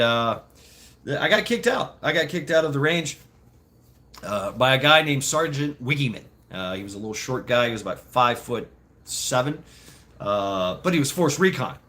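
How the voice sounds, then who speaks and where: A middle-aged man chatting casually and rambling, laughing often and slipping into quick put-on voices. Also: mid-range voice, lively intonation, bright, forceful tone. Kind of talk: casual chat.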